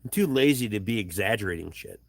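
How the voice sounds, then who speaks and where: Gravelly, swearing man chatting on a livestream. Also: lowish voice, animated, fast, no room sound. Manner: blunt, swears freely, reads viewer comments aloud. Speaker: livestream host reading chat. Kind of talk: casual profane livestream chat. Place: home workshop. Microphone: camera on tripod.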